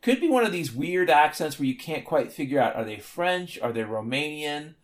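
A man's voice: a little high, lively intonation, normal speed. A man hosting a solo podcast, talking in a rambling, sardonic and profane way. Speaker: podcast host.

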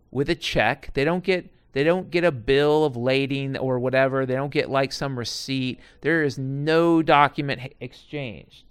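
A man's voice: medium pitch, fairly bright tone, smooth, no room sound, clean studio sound. A man in his forties or older telling stories from his past jobs in a digressive, profane way, full of asides and restarts. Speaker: storyteller recounting past jobs. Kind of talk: casual rambling monologue.

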